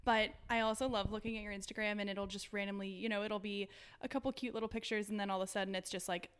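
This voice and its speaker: A woman's voice: medium pitch, steady tone, quick pace, smooth. Upbeat chatty woman podcast host. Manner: upbeat, chatty, addresses listeners directly. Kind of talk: casual podcast chat. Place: home, seated on the floor.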